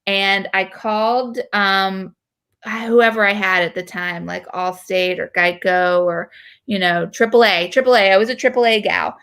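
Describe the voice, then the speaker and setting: A woman in her thirties from North Carolina, hosting and telling a story in casual chat, animated and full of fillers. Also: mid-range voice, measured pace, smooth. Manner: animated, chatty, with frequent fillers. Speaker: host.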